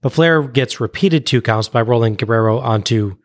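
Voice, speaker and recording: A man on a podcast recapping a wrestling match blow by blow in a brisk play-by-play recounting. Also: mid-range voice, no echo, clean studio sound. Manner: brisk play-by-play recounting, laughs at own jokes. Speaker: podcast co-host.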